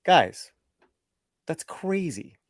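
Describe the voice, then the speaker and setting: Lively chatty male show host. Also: a little high, drawn-out words, no echo, studio quality. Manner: enthusiastic, loose and chatty. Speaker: podcast host. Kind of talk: casual show chat.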